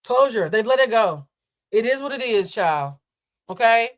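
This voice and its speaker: On a live stream, a tarot card reader with a voice on the high side speaks animatedly at normal speed. She's sassy, playful, and chatty, answering chat casually and calling people "child."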